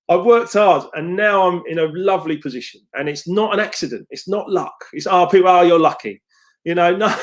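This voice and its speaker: A man coaching viewers over a live stream, upbeat and chatty, greeting people by name and calling them mate. His voice sits a little high for a man. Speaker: success coach. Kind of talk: live-stream chat reading viewer comments.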